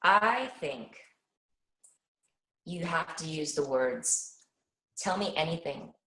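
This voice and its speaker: Woman, middle-aged, earnest, animated storytelling, echoey room. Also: low-pitched, slow. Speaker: parent guest. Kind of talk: casual interview answer.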